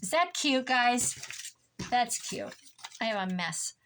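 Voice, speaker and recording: A woman's voice: a little high, expressive, slow, a bit bright, slight background noise. A tired woman chatting casually to herself and her viewers while crafting at home, muttering and joking at her own expense. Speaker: crafting vlogger.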